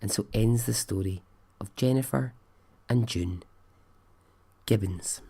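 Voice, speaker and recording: A man's voice: fairly low pitch, slow pace, creaky, dark tone, slightly rough. A man hosting a podcast, telling a story in a casual, rambling way and swearing freely. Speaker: podcast host.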